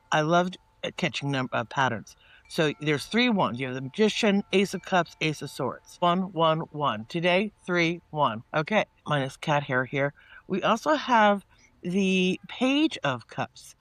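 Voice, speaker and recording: Chatty man giving a tarot reading. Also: on the high side. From northeastern United States. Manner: chatty and meandering, with many restarts and asides; animated when quoting people in mock-casual voices. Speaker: tarot reader. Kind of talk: casual spoken tarot reading.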